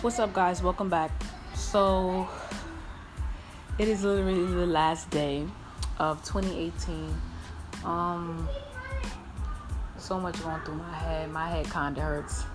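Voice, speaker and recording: A woman's voice: lowish voice, little pitch movement, slow, pauses often, music in the background. A young woman hosting her own podcast, talking in a rambling, casual, slangy way. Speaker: podcast host.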